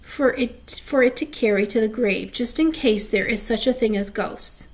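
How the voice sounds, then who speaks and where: A woman's voice: a little high, normal speed, lightly acted. A woman reading as a dramatic young girl. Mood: earnest. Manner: mysterious, theatrical. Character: imaginative, dramatic young schoolgirl.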